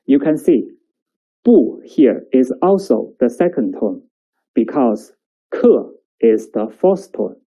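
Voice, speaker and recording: A woman leads a recorded lesson at an unhurried pace. Her voice is deep and mellow, never bright. She says words slowly and carefully so the student can repeat them. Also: lively intonation, breathy edge, rough recording. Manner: slow, careful enunciation with drills for the listener to repeat. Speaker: Chinese language teacher.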